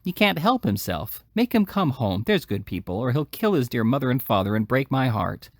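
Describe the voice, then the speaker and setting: A man voicing a dramatic, wheedling young woman of the streets in an audiobook reading, with a high, theatrical wailing voice. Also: very animated, normal speed, no echo, clean studio sound. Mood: pleading.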